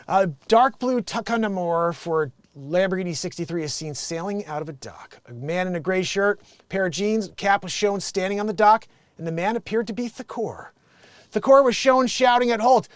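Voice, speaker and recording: High-voiced man riffing on the news. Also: animated, normal speed, no room sound. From United States. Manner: joking, acts out quotes. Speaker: vlog host reading news. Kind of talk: casual news commentary.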